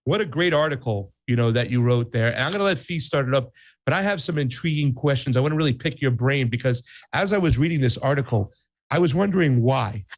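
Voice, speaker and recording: A man's voice: medium pitch, animated, fast. A man with a New York Italian accent co-hosting a casual political talk show, chatty and playful. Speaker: podcast co-host.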